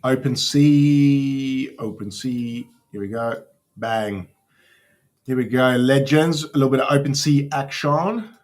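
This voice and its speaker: A man's voice: mid-range voice, unhurried. A man hosting a casual crypto livestream, swearing freely and talking to his chat as he browses.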